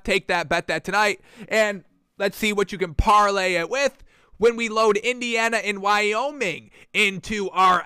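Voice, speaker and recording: Male sports host, high clear voice, excitable and chatty, dry close mic. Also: dry recording. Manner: excitable, chatty, many fillers. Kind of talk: casual sports betting talk.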